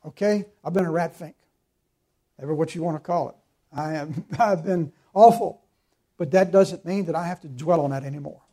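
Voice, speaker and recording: A man preaching with earnest, emphatic conviction, quoting scripture as he goes. His voice sits a little high but sounds dark and mellow. He presses his points with steady fervor. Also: normal speed. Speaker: pastor. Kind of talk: sermon.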